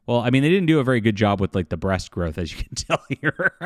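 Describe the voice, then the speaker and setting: A man giving casual opinion commentary, halting and full of fillers and restarts, with derisive chuckles. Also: mid-range voice, big pitch swings, no echo, studio quality.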